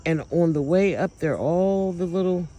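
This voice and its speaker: A man filming outdoors at night, talking to viewers in an emotional, awed, exclaiming way with drawn-out words. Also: sits high, warm tone, rough recording. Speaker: vlogger filming lights at night. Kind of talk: excited casual commentary to viewers.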